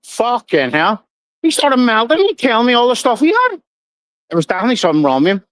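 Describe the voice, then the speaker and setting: A man's voice: very high-pitched, huge pitch swings, quick pace, fairly bright tone, dry recording, low-quality recording. Middle-aged male streamer, sweary and rambling, dry close mic. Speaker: livestream host. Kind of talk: casual livestream chat.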